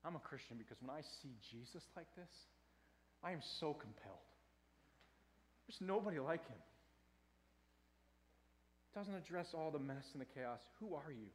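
A man preaching a sermon in a conversational way, swinging from hushed to loud. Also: on the high side, lively intonation, moderate pace, pauses often. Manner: conversational with fillers and restarts. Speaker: pastor.

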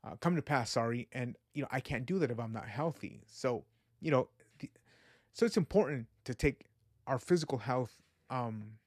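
A man's voice: medium pitch, lively intonation, moderate pace, a little mellow, slightly rough, no echo. A man talks through a casual podcast monologue in a mid-range voice, earnest and reflective. He rambles and restarts, leaning on "you know" and "like". The sound is dry and close, with no room around it. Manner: reflective and faith-minded. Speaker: podcast host.

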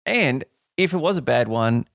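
A man's voice: medium pitch, expressive, moderate pace, gravelly, noisy background. A man interviewing a guest, supportive, with a lot of short agreeing replies. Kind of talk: casual interview.

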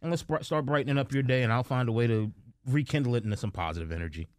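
A man's voice: medium pitch, rapid-fire, darkish tone, dry recording, clean studio sound. Jovial, silly male podcast co-host. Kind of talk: casual chat.

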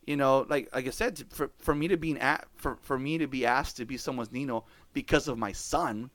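A man tells stories casually on a podcast, slipping in words. His middle-pitched voice jumps high when he gets excited, and he swears and laughs often. The recording is dry and close. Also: brisk, no echo. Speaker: podcast host. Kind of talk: casual storytelling chat.

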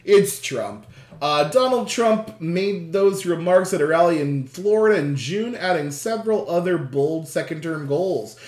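A quiz host in casual chat, reading questions aloud, laughing often, swearing and reacting with loud dismay. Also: medium pitch, animated, a little slow. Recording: roomy echo.

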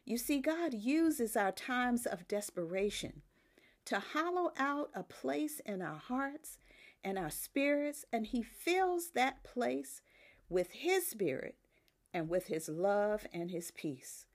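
Older lady preaching slow, voice swings way up and down, emphatic. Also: fairly high pitch, big pitch swings. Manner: slow, emphatic preaching with rising exclamations and soft drops. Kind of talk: sermon.

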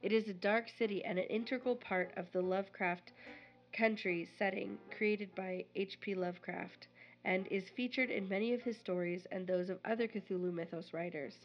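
A woman co-hosts a podcast in a relaxed, playful way and reads passages aloud at an even, middle pitch. The audio is a bit dull and lo-fi, with soft music underneath. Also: normal speed. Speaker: podcast co-host. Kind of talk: casual podcast chat and reading.

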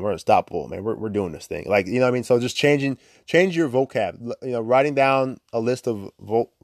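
A man's voice: on the low side, darkish tone, no echo, studio quality. A young man hosting a podcast in a chatty, upbeat way, laughing often and filling with "like". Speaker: podcast host. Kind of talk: casual motivational talk.

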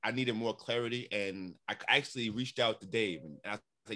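A middle-aged man from New York telling his story in a casual interview, animated and repeating words as he acts out what others said. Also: on the low side, moderate pace. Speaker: interview guest.

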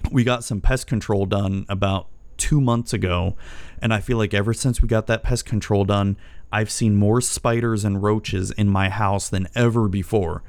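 A man's voice: fairly low pitch, clear, resonant tone, dry recording. A middle-aged man casually ranting as a vlogger, profane, rambling and exasperated as he tells a story. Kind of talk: casual rant. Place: home.

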